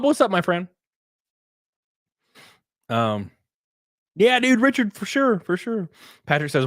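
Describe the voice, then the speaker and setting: A man hosting a livestream, chatting and ranting in a blunt, profane, animated way. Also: a little high, moderate pace, long pauses, no echo, studio quality. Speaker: livestream host. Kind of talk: casual livestream chat and rant.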